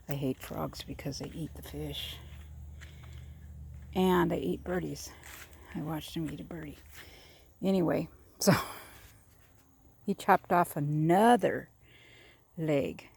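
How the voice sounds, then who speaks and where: A woman's voice: low voice, gravelly, a little hiss or hum. A woman telling long, meandering jokes, with fillers and chuckles along the way. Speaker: joke teller. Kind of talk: rambling joke telling.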